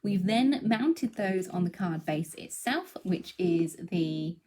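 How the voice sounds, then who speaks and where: A young woman talks through a live card-making demonstration in a friendly, running commentary. Her voice sits a little low for a woman, and she chats easily, stopping now and then to explain each choice. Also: lively intonation, slow pace, warm tone. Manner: chatty, breaks off to coo at her cat. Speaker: craft demonstrator.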